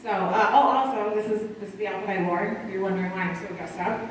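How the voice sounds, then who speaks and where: A woman in her thirties from Connecticut doing a rambling stand-up set with dark humor and lots of asides. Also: medium pitch, steady tone, fast talker, slight background noise. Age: 30s. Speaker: stand-up comic. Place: small live performance venue. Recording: distant echoey room mic.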